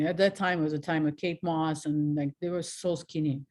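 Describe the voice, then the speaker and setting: A woman in her forties from Russia with a Russian accent, telling frank personal stories as a guest, animated and laughing at herself. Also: on the low side, moderate pace. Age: 40s. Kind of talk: candid personal storytelling.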